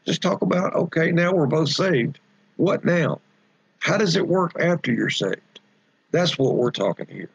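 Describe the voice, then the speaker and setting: A pastor delivers a Bible study, pausing to unpack Greek words and repeating his points for emphasis. His voice is gravelly and a little husky. The recording is dull and dry, without room echo. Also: on the high side, animated.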